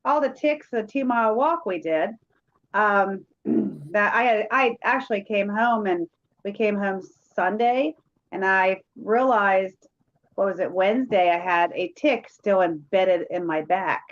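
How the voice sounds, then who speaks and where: A woman's voice: mid-range voice, a little slow. A woman paranormal investigator telling a rambling story in casual chat. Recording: dull lo-fi sound.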